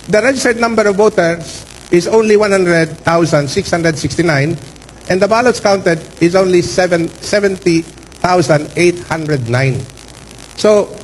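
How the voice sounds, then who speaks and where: Guy lawyer w a high voice addressing a board, slow formal, leans on certain words, faint hiss behind. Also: low-quality recording. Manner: deliberate, formal, stresses key words, pauses with fillers. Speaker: lawyer for a candidate. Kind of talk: formal manifestation before a canvass board. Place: hearing room.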